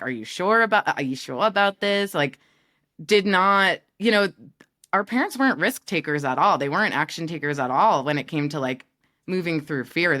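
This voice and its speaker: A woman in her thirties from New York speaks in a low-pitched, fairly bright voice. Appearing as a guest and business partner in a casual chat, she teases and laughs often.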